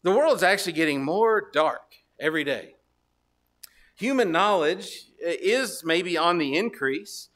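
A middle-aged male pastor delivers a sermon in a loose, conversational storytelling way, circling back with restarts and asides. His voice sits high for a man and rings bright. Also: animated, measured pace.

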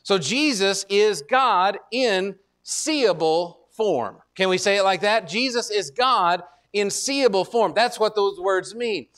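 A male pastor preaching a sermon in a conversational way, often restarting phrases with repeated words and slowing down to stress scripture. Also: sits high, a bit bright.

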